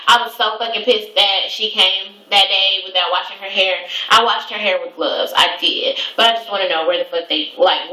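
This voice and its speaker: A woman's voice: medium pitch, sharp tone. A young woman and hairstyling student ranting casually, swearing a lot, exasperated and rambling. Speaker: vlogger. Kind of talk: casual rant. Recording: echoey room, distant mic.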